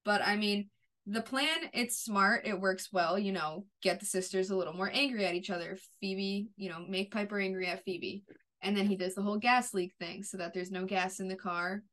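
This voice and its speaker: A woman co-host talks through a TV episode in a relaxed, chatty way. Her voice sits at a middling pitch, and she strings scenes together in long runs that fade off softly at the ends. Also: normal speed. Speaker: podcast co-host. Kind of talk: casual chat recapping a TV episode.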